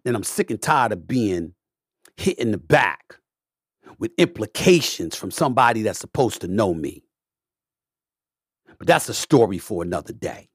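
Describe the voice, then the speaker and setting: A middle-aged man hosting a podcast, delivering an impassioned, emphatic monologue that swings between loud and quiet and repeats his points with the odd curse. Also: lowish voice, very animated, moderate pace, pauses often, slightly rough, dry recording, studio quality. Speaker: podcast host.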